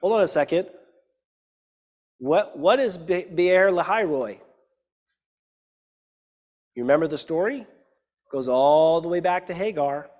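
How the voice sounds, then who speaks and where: A man's voice: fairly high pitch, animated, a little slow, long pauses, darkish tone, lo-fi sound. Man preaching in a reverberant hall. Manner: reads scripture then explains it, with frequent "right?" asides. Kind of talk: sermon with scripture reading.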